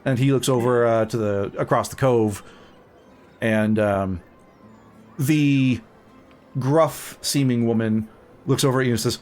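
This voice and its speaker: A man's voice: mid-range voice, unhurried, long pauses, soft background music. Man narrating as game master. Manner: relaxed, hesitant with many fillers.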